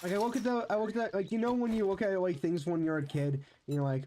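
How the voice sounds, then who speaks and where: A young man with a fairly high voice chats while he plays a game on stream. He rambles in a nostalgic way and restarts his sentences often. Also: steady tone, quick pace, few pauses, warm tone, slight background noise. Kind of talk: casual chat while gaming.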